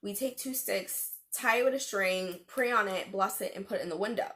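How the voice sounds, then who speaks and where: A woman's voice: mid-range voice, normal speed, fairly bright tone. Chatty young woman telling a story. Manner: chatty, with slang and fillers. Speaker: vlogger. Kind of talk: casual storytelling to camera.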